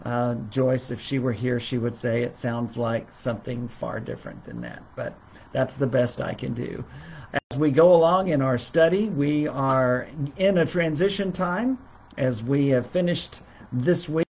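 A middle-aged man teaching a livestreamed Bible lesson as a preacher, halting often with fillers and restarts. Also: medium pitch, creaky, darkish tone, a little hiss or hum.

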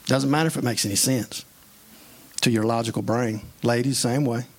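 A man's voice: medium pitch, fairly even intonation, moderate pace. A man preaching a sermon in an earnest, conversational way, mixing scripture with plain everyday stories.

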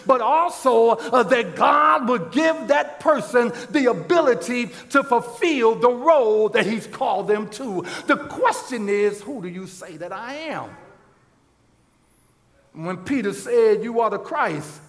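High-voiced man preaching, stammering restarts. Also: expressive, slow pace. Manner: rises to shouting on emphasis. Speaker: pastor. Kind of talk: sermon. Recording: long hall reverb.

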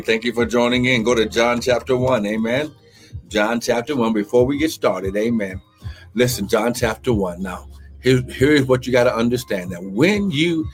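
A man preaching a livestream sermon as pastor, teaching slowly, then shouting, crying out and speaking in tongues. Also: mid-range voice. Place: church livestream with music behind.

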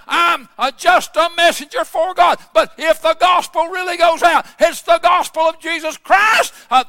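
High, bright-voiced fervent preaching man. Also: creaky, dry recording, studio quality. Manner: impassioned preaching that swells into shouts, many "uh" fillers. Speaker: pastor. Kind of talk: fervent sermon.

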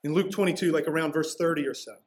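A man's voice: fairly high pitch, fast. A man preaching a sermon as pastor, walking through a passage in a casual, conversational way with slangy asides.

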